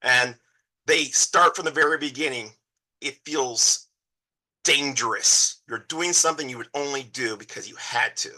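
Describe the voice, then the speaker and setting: A man's voice: medium pitch, moderate pace, bright, forceful tone, rough recording. A man co-hosting a casual film discussion, talking animatedly and acting out characters with exaggerated voices. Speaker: podcast co-host.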